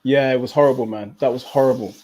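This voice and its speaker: A man's voice: mid-range voice, steady tone, quick pace, a little mellow. A man from England hosting a live boxing watchalong, chatting casually and reading out viewer comments. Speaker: host.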